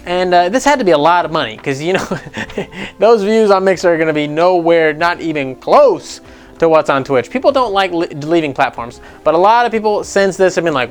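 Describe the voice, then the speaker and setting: A man's voice: a little high, sing-song, moderate pace, soft background music. A young man hosting a gaming news show, ranting casually with a rambling, sarcastic, profane manner. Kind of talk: casual rant commentary.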